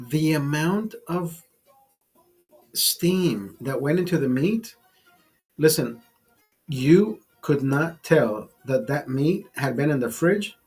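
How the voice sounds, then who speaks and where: A man hosts a live stream, rambling and swearing casually over a beer and laughing at his own jokes. His voice is husky and on the high side, with a darkish tone.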